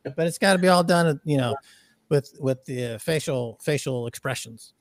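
A man talking as a podcast guest in an animated, profane, ranting way. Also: medium pitch, normal speed, no room sound, clean studio sound. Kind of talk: casual podcast chat.

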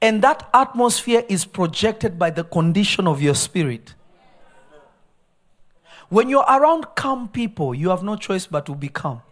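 A man preaching a live sermon in a church, animated and laughing often, dropping to hushed asides and rising to shouted emphasis. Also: high voice, unhurried. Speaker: pastor. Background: faint congregation responses.

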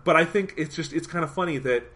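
A man's voice: a little high, quick pace, pushed and bright. A young man co-hosting a podcast, giving opinionated movie talk in casual chat. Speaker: podcast co-host.

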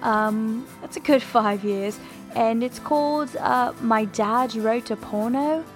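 A woman's voice: on the high side, takes it slowly, soft background music. A woman podcast host in a put-on British accent, giving a rambling, self-mocking intro monologue.

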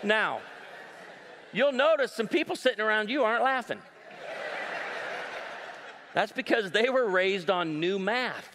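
A man's voice: sits high, a little slow, long pauses, background noise. A man in his forties doing live stand-up comedy, telling stories animatedly and acting out voices. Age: 40s. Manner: animated storytelling with voiced quotes. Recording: long hall reverb.

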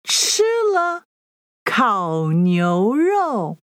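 Slow, sing-song woman teaching children. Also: medium pitch, big pitch swings, fairly bright tone, dry recording, clean studio sound. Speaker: language teacher. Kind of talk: children's language lesson.

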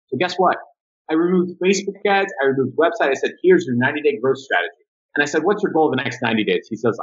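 A man's voice: on the high side, fast, muffled recording. A man being interviewed on a podcast, talking casually about his marketing agency and acting out quotes as he tells stories. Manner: animated storyteller who acts out quotes. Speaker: guest, marketing agency owner.

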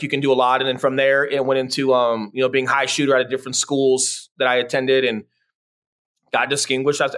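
Middle-aged male guest, casual storyteller, relaxed and chatty. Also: mid-range voice. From Colorado. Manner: laid-back, says "man" and "dude" a lot, many fillers. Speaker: podcast guest, real estate agent.

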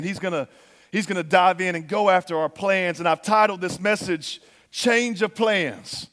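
Guy pastor with a high voice, lively chatty sermon, long echo of a big hall. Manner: animated, acts out quoted voices, conversational. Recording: long reverb of a large hall.

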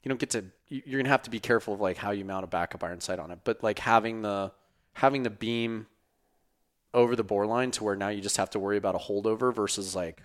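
A man with a lowish voice talks at a quick pace, his voice worn out from an earlier recording and giving out. He's a podcast host chatting loosely, rambling and swearing casually.

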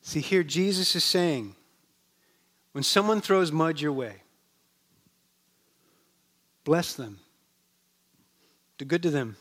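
Man, pastor, sermon, conversational storytelling, slightly high voice, soft slow emphasis. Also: lively intonation. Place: church.

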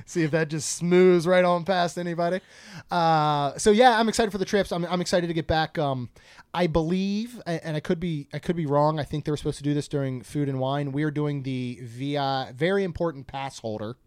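A man's voice: on the high side, fairly quick, a little mellow, smooth, dry recording, studio quality. A man co-hosting a casual podcast, chatting and joking while reading out a food menu. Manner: chatty, jokey, reads menu items aloud. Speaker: podcast co-host.

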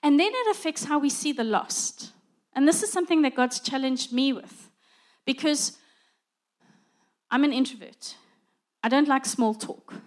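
A woman's voice: sits high, measured pace, pauses often. A middle-aged woman preaching a conversational sermon, acting out little dialogues as she goes.

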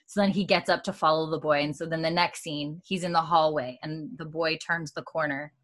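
A woman's voice: low voice, fairly even intonation, a little fast, fairly bright tone. A woman casually recapping a TV episode, acting out the characters' lines, swearing and laughing as she goes. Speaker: podcast co-host recapping a TV episode. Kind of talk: casual chat, animated retelling.

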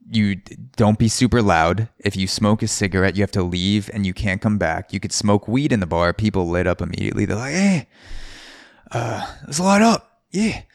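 A man's voice: sits low, vocal fry, no room sound, studio quality. A man hosting a solo podcast, telling a story in a rambling, casual way and often correcting himself. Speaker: podcast host.

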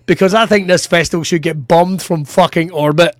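A Scottish man, a comedian co-hosting a podcast, telling sweary, animated anecdotes in casual chat. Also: high-pitched, normal speed, pauses often.

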